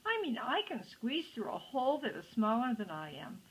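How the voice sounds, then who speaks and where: A woman's voice: on the high side, very animated, normal speed, husky, heavily acted, low-quality recording. A woman voicing a timid, sad little male circus mouse in a storybook reading, in a weepy, pleading way.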